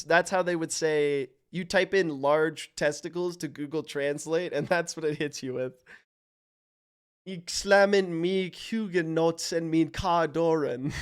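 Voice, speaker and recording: Excitable man with a high, smooth voice. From Canada. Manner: hyped, profane, thinks aloud while guessing. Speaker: streamer. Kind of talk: casual live-stream commentary.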